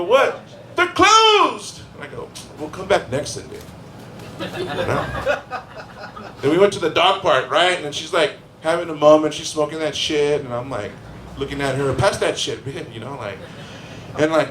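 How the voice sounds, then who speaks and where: A man's voice: on the high side, slight background noise. A man doing a stand-up comedy set, telling crude rambling stories and acting out the people in them. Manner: crude, rambling storytelling with voiced characters. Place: live comedy venue. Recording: echoey room with faint ambience.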